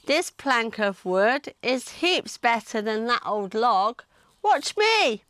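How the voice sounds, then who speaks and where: A woman's voice: a little high, takes it slowly, clean tone, no room sound. A woman voicing a bold, cheeky male dinosaur who surfs, in a children's storybook reading. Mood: excited. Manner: excited, bossy shouting.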